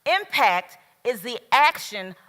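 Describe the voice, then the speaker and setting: A woman giving a motivational speech at a business event, slow and emphatic, with dramatic pauses. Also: fairly high pitch, sing-song, pushed and bright. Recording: long reverb of a large hall.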